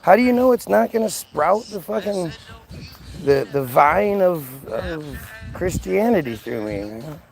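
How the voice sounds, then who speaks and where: A man's voice: sits high, sing-song, unhurried, vocal fry, darkish tone, soft background music, rough recording. A man hosting a livestream, talking casually in a sarcastic, mocking, profane way. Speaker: livestream host reading chat.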